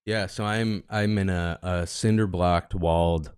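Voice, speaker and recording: A man from Minnesota talking as a podcast guest from his basement, easygoing and quick to laugh. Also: low-pitched, steady tone, a little mellow, smooth, dry recording, studio quality. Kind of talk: casual podcast chat. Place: cinder-block basement room.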